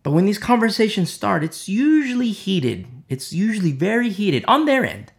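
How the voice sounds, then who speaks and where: A man's voice: sits high, big pitch swings, moderate pace, vocal fry. A man preaching an informal sermon, impassioned and rambling, with many fillers and repeated phrases.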